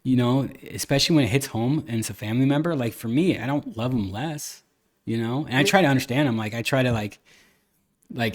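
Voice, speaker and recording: A man's voice: mid-range voice, moderate pace. A man hosting a casual podcast chat, earnest and rambling, with many restarts and fillers. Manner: earnest, occasionally cusses. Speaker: podcast host.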